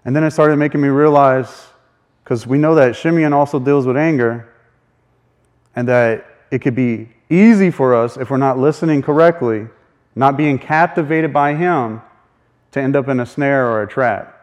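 A man shares his personal faith testimony in a medium-pitched voice at a normal pace, with the high frequencies cut off. He's a folksy storyteller who chuckles often and acts out the voices of the people in his story.

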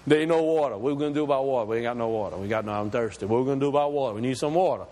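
Man putting on a panicky grumbling desert wanderer, low muttering voice, sermon story, long hall echo. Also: very fast, warm tone, natural voice.

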